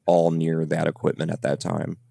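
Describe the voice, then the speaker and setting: A man's voice: very deep voice, completely flat delivery, normal speed, gravelly, warm tone, dry recording. A man who investigates the paranormal, chatting casually on a podcast about recordings his team captured. His talk is loose and rambling, full of fillers. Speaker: paranormal investigator reviewing evidence.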